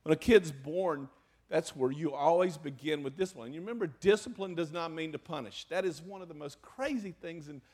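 An older man preaching a sermon in earnest, moving between loud emphasis and hushed, emotional asides. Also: a little high, a little fast. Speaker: pastor.

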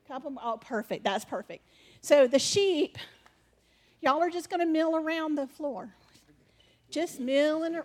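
Woman, preacher, high voice, animated, playful sermon. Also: measured pace, pauses often. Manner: animated, playful, directs the congregation. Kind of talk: sermon with a live skit.

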